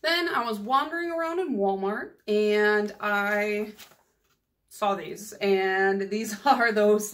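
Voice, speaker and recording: A woman's voice: mid-range voice, fairly bright tone. A woman nail polish vlogger chatting casually through a haul video, rambling and giggling as she goes.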